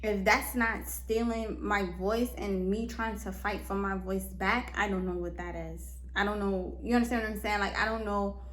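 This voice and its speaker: A woman's voice: mid-range voice, steady tone, moderate pace, few pauses, a bit bright, a little hiss or hum. Earnest woman podcaster in an echoey room. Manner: earnest, emphatic, repeats phrases, asks the listener if they understand. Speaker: podcast host. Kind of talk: motivational solo podcast talk.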